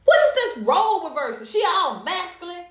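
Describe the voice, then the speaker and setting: An American woman giving casual, sassy gossip commentary, animated and profane. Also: very high-pitched, fairly quick. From United States. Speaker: commentary vlogger. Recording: echoey room.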